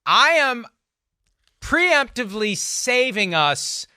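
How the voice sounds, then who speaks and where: A man with a high, smooth voice reads off spreads and trivia in a wry, deadpan way, slipping in jokes. The sound is crisp and dry, right on the mic. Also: slow pace, no room sound. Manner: wry, deadpan delivery of stats and picks. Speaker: co-host, football reporter. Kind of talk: casual sports chat.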